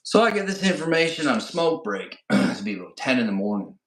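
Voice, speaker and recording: A man's voice: medium pitch, very animated, brisk. A middle-aged man co-hosting a podcast, telling a casual story and often checking in with "right?" and "you know". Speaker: podcast co-host. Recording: roomy echo.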